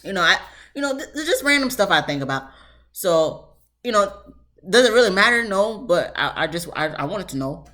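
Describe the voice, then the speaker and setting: Woman, casual show review, lively swooping pitch, lots of fillers. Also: fairly quick. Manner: chatty, animated, lots of "you know" fillers.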